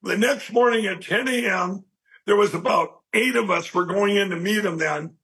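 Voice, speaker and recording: A man being interviewed, telling a long personal story in a rambling, animated way and acting out what people said. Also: high voice, moderate pace, slightly rough, rough recording. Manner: animated, rambling storyteller who acts out quoted speech. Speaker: interview guest.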